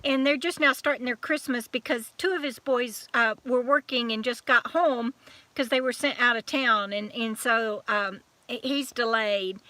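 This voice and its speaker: A woman's voice: a little high, normal speed, pushed and bright, dry recording. A woman with a Southern US accent hosting a live-stream chat, talking in a chatty, scattered way as she greets viewers one by one. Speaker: YouTube channel host.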